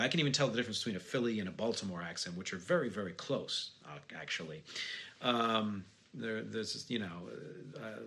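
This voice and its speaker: A podcast host with a slight Philadelphia accent muses aloud on his own, pausing on fillers and restarting his sentences. His voice is bright and forward, and he speaks into a studio mic. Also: lowish voice. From Philadelphia area. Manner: reflective, musing, many fillers and restarts. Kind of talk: solo podcast monologue.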